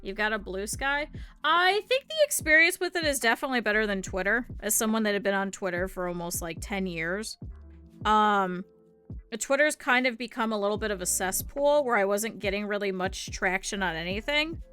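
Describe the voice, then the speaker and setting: A young woman with a Midwestern accent talks casually and rambles as she crafts on a live stream. Her voice is bright and clear, with a middling pitch. Soft music plays faintly underneath. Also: lively intonation, normal speed. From northern Ohio, US. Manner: rambling, chatty, thinks aloud. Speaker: VTuber streamer. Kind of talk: casual chat while crafting.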